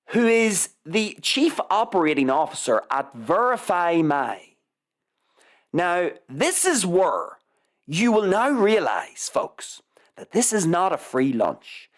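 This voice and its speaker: A woman hosting a live news commentary show, reading articles aloud with sarcastic, mocking asides and free swearing. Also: on the low side. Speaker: show host.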